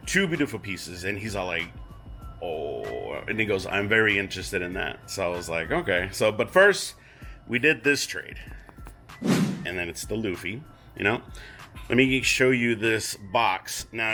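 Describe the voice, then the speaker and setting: A man casually showing and talking about his statue collection, rambling and retelling conversations with lively quoted voices. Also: fairly low pitch, measured pace, soft background music. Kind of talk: casual unboxing vlog.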